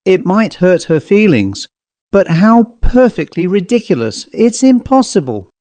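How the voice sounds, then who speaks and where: A man reading aloud and voicing an excitable, petulant young spinster woman in a high, fussy manner. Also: unhurried, dry recording. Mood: flustered. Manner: high, fussy, breathless delivery.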